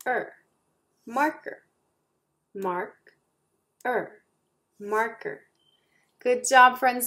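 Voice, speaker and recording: A woman teaching young children in a gentle, encouraging way. Her voice sits a little high and her pace is unhurried. She sounds out words syllable by syllable for the class to copy. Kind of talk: children's lesson.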